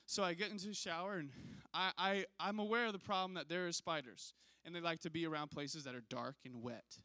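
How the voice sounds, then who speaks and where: A male pastor telling a funny story in a sermon, animated and self-mocking, often checking in with the audience. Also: on the high side, a little fast, no room sound.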